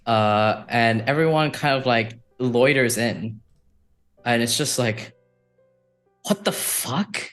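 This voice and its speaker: Slow, unhurried male game master. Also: medium pitch, steady tone, a bit bright, soft background music. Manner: unhurried, thinking aloud with many fillers. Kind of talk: narrating a tabletop game.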